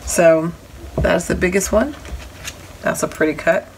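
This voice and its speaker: A woman's voice: lowish voice, unhurried, gravelly. A woman casually showing and explaining craft dies in a home vlog, chatty, with apologetic asides. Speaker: crafting vlogger showing a haul. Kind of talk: casual show-and-tell. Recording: audible background noise.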